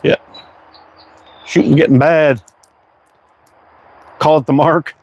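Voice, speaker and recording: A middle-aged man casually chatting on a livestream as he shoots, relaxed and self-deprecating. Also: fairly high pitch, takes it slowly, lo-fi sound. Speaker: slingshot livestream host. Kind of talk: casual live-stream chat while target shooting.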